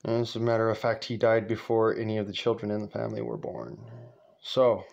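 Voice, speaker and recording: A man's voice: fairly low pitch, steady tone, fairly quick, vocal fry, darkish tone, highs cut off. A man telling a family story in a casual vlog, rambling, swearing freely and laughing often.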